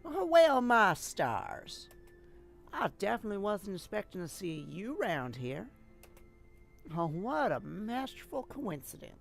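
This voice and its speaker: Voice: mid-range voice, very animated, measured pace, creaky, soft background music, pitched above the performer's own voice. Streamer doing a folksy country gal. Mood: delighted. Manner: warm folksy drawl, exclamations. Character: cheerful folksy country lady, young woman. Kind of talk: streamer voicing game dialogue.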